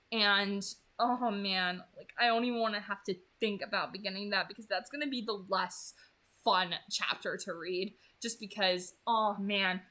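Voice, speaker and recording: Chatting about a chapter she's just finished, this twenty-something host of a read-aloud channel gushes and leans heavily on fillers like "like" and "you know." Her mid-range voice sounds pushed and bright as she recaps and comments.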